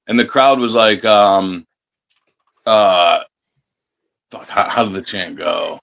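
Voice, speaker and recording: A man from the United States, a professional wrestler, telling profane, animated stories in a casual interview and acting out crowd chants. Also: on the low side, takes it slowly, gravelly.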